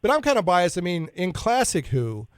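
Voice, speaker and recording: A male radio host with a somewhat high voice, talking close into a dry studio mic. He keeps things casual, cracking puns and laughing easily between news items. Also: sing-song, clean tone, dry recording. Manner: jokey, punning, quick to laugh.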